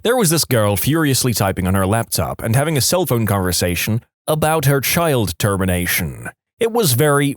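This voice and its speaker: A man's voice: medium pitch, no room sound. A man narrating online stories aloud with a dry, wry delivery on a close microphone. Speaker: story narrator.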